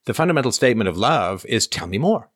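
With a medium-pitched, sing-song voice and a quick pace, a middle-aged Canadian man answers viewer questions during a casual livestream, reading super chats aloud. He talks conversationally with frequent ums and uhs. The sound is studio quality and echo-free.

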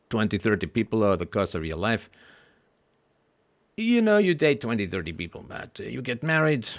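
A man voicing an older French neighbor who gives fatherly advice, in a slow, halting, attempted French accent. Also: fairly low pitch, gravelly.

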